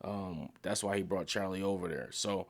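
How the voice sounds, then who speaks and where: Young guy doing a hyped show review, gravelly and low, swears a lot, voice shoots way up when he gets excited. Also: moderate pace. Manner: excited, loose and profane, jumps pitch when worked up. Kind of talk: casual video review.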